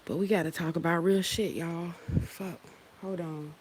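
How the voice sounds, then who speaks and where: A woman's voice: fairly low pitch, fairly even intonation, normal speed, a little mellow, slight background noise. A woman hosting a casual spiritual livestream, talking in a loose, heartfelt, profane way, often stopping and starting again. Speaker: livestream host.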